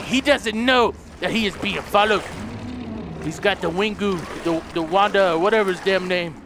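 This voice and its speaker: A man doing let's play commentary, excitable and swearing, talking to his viewers and shouting at the game. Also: high-pitched, moderate pace, background noise. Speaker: gaming video host. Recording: game sounds loud behind the voice.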